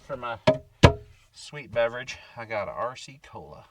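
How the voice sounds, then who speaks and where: A man's voice: mid-range voice, animated, normal speed, distant mic, heavy background noise. A man casually chatting in a camping vlog from his truck camper at night, rambling and laid-back, now and then talking baby-talk to his dog. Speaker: camping vlogger.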